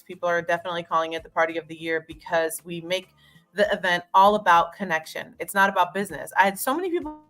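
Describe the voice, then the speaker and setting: A woman's voice: on the low side, bright, forceful tone. A woman co-hosting a casual chat show, talking chattily and laughing at herself while calling in from abroad. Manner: chatty, laughing, self-mocking. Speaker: co-host. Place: remote call from abroad.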